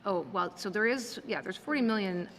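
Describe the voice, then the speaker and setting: A woman's voice: mid-range voice, fairly quick, fairly bright tone. A woman speaking as a government minister, answering questions formally and hesitating as she searches for details. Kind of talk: committee testimony. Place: legislative chamber. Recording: long reverb of a chamber, faint noise.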